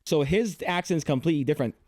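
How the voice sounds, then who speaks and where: A man's voice: on the high side, fast, darkish tone, dry recording, clean studio sound. A man streaming casual reaction commentary, rambling and repeating himself as he talks. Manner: rambling, repeats words, frequent laughs.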